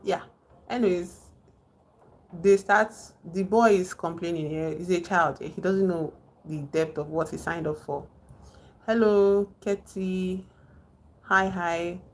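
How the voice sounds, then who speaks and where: Chatty low-voiced woman streamer. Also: slight background noise. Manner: chatty, breaks off to greet chat viewers. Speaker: live streamer. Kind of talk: casual live-stream movie recap.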